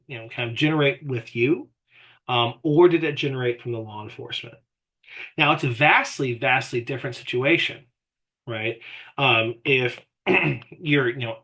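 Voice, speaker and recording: A man's voice: medium pitch, sharp tone. A male law lecturer talking in a loose, conversational way, often checking in with "right?" and acting out the voices in his examples. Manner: conversational, frequent "right?" and "you know", acts out quoted exchanges. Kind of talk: casual recorded lecture.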